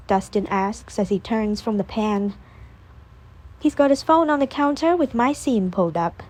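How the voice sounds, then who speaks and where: A woman narrating a first-person audiobook in a calm, measured reading voice. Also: a little high.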